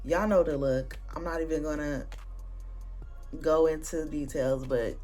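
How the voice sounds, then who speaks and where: A young woman hosts her own booktube vlog, telling a story in animated, slangy, conversational chat. Her voice is deep and unhurried, with soft background music.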